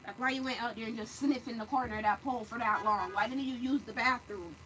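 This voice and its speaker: A woman's voice: fairly high pitch, fast, a bit bright. A woman vlogging outdoors on her phone, bluntly scolding and cussing at her dog. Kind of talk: casual vlog chat. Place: outdoors on a street. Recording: noisy outdoor street recording.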